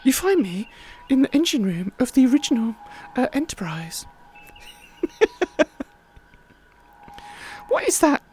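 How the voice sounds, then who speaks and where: A woman's voice: sits high, very animated, takes it slowly, long pauses, a little mellow, slight background noise. A woman hosting a livestream, chatting in a rambling, casual way with many fillers. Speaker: livestream host.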